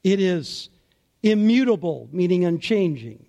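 A man preaching a sermon as pastor, in a slow, deliberate and emphatic way. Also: high voice, very animated, creaky, warm tone.

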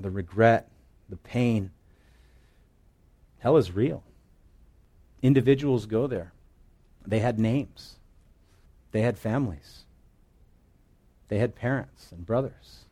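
A man preaches a sermon as a pastor, with an earnest, emphatic delivery. His voice sits at an ordinary middle pitch for a man. He leans hard on key words, then drops to a hushed, low tone. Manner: earnest, emphatic, shifts between loud stress and hushed low lines.

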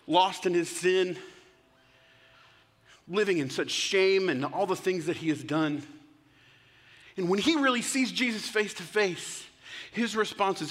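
Male worship pastor, conversational sermon, bright tone, long church reverb. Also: high voice. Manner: conversational, with rhetorical questions. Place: church sanctuary.

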